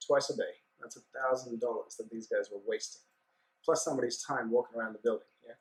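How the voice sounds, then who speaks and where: A man, a guest on a business podcast, telling his story in a relaxed, chatty way and acting out the dialogue. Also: medium pitch, quick pace, rough recording. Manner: animated anecdote-telling with acted-out dialogue. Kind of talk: casual storytelling interview.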